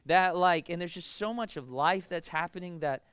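A man's voice: sits high, normal speed, fairly bright tone, smooth, dry recording. A man in his thirties preaching a casual sermon, talking in a conversational way, often asking "why?" and "right?". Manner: conversational, lots of "like" and "right?", rhetorical questions. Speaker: pastor.

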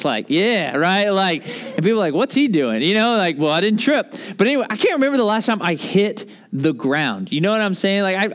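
A man in his thirties preaching a casual, joking sermon with lots of asides. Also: a little high. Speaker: pastor. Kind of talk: conversational sermon.

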